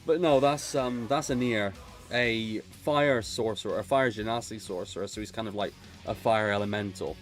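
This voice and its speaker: A man's voice: fairly low pitch, measured pace, faint music behind. A man from Gloucester, streaming and chatting in a sweary, rambling way. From England, Gloucester. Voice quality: sweary, rambling, laughs often. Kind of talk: casual chat while drawing.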